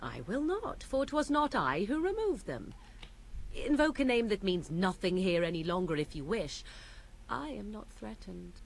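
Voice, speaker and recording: A woman's voice: mid-range voice, big pitch swings, normal speed, gravelly, slight background noise. An actress playing an aloof, mocking young witch of the wilds in a video game, speaking in an archaic, haughty manner.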